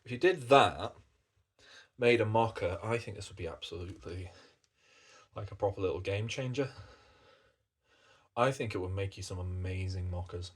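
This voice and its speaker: A man's voice: low voice, normal speed, long pauses, husky. A British man chatting casually as a coffee reviewer, rambling along and swearing in passing. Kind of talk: casual chat.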